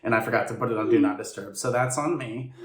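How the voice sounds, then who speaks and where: A man's voice: medium pitch, quick pace, distant mic, very noisy. A man reacting to a song performance, analyzing the vocal technique with enthusiasm and some apologetic asides, recorded on a phone. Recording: echoey room, a little off the mic.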